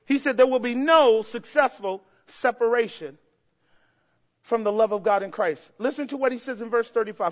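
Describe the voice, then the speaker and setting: A man preaching a sermon as pastor, swinging from soft asides to impassioned shouts. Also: very high-pitched, normal speed, muffled recording.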